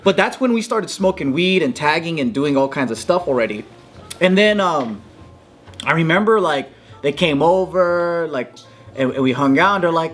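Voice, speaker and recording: A man telling a story in casual chat, animated, swearing freely and acting out quotes in a raised voice. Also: normal speed. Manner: animated, swears a lot, acts out quotes in a higher voice. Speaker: podcast guest.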